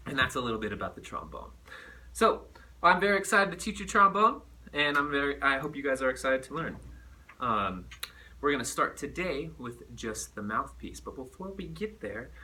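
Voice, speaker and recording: A man teaching a recorded music lesson to children, animated and playful as he demonstrates. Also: medium pitch, normal speed, distant mic.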